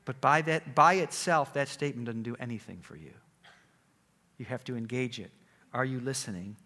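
A male preacher giving a sermon, retelling a story with dramatic swings from loud to hushed. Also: mid-range voice, normal speed. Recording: echoey hall.

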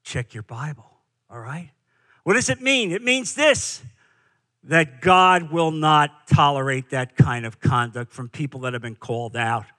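A man's voice: fairly high pitch, measured pace, pushed and bright. A man preaching a sermon as pastor, emphatic, with rhetorical questions and repeated phrases.

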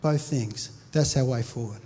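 A man's voice: mid-range voice, normal speed, dark tone, husky. A man in his forties, a pastor preaching a sermon in a conversational, storytelling way with frequent restarts. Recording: reverberant hall.

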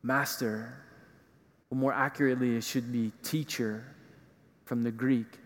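A man's voice: mid-range voice, steady tone, a little slow. A male preacher giving a conversational homily in a church, using casual fillers as he explains. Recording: reverberant hall.

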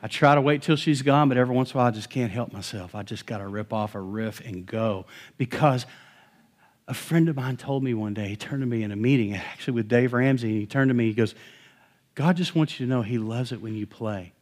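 A middle-aged male pastor preaching a sermon in a conversational, animated way, with touches of humor. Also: mid-range voice, fast talker.

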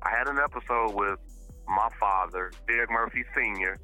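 A middle-aged man tells stories as a podcast guest, bursting into phrases and restarting them as he goes. His tone is sharp and forceful. Soft music plays underneath. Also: lowish voice, moderate pace, poor audio. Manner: animated, talks in bursts with repeated starts. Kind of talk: casual podcast chat.

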